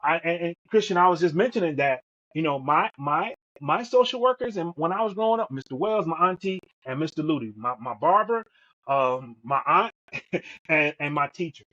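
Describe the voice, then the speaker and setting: A middle-aged man talks with emphatic storytelling energy, doubling back over his words and leaning on "man" as he goes. His voice sits a little high for a man. The sound is dull and lo-fi, like a thin connection. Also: lively intonation, moderate pace, bright, forceful tone. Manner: emphatic, repeats words, says "man" often. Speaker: podcast co-host. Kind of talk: storytelling in conversation.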